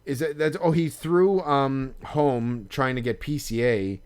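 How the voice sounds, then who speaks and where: A man's voice: medium pitch, measured pace, a little mellow, clear, resonant tone. A man co-hosting a podcast in casual chat, rambling with constant "like" fillers. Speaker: podcast co-host.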